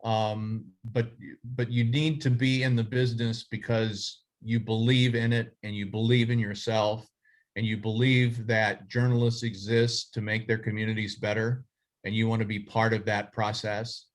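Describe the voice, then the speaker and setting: A man's voice: lowish voice, little pitch movement, moderate pace. A middle-aged man who leads a journalism association, speaking in a casual, rambling way full of fillers and restarts. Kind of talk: casual reflective talk.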